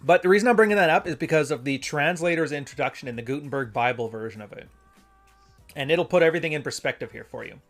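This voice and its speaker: A man's voice: on the high side, fast, a bit bright, faint music behind. A man hosting a live stream, talking casually and rambling as he reads passages aloud and corrects himself mid-sentence. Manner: rambling, conversational, self-correcting. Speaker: host.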